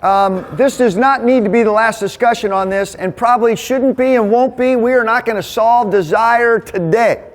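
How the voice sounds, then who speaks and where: A man leading a men's Bible study, teaching in a casual, energetic, conversational way. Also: very high voice. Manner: energetic, conversational, quick asides. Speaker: men's ministry leader.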